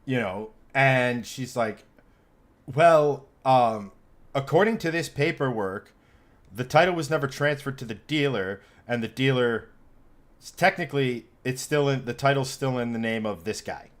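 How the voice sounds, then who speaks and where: A man's voice: medium pitch, measured pace. Swearing man telling a story. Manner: animated, swearing, acts out quoted people. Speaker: podcast host. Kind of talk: casual storytelling chat.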